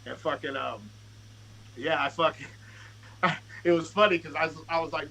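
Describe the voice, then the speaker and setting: A man's voice: fairly high pitch, moderate pace, vocal fry, a little hiss or hum, low-quality recording. A man guest on a podcast, a rapper telling a casual, profane story and acting out what people said. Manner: profane, animated, acts out quotes.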